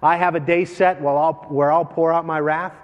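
A man preaching a sermon as pastor, animated and joking as he tells stories between scripture readings. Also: a little high, a little fast. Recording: long hall reverb.

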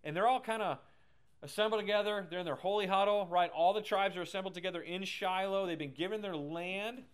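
A man teaching a lively Bible lesson who keeps checking in with the class and retells scripture in casual slang. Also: sits high, a little fast, smooth. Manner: chatty, keeps asking "right?", paraphrases scripture in slang.

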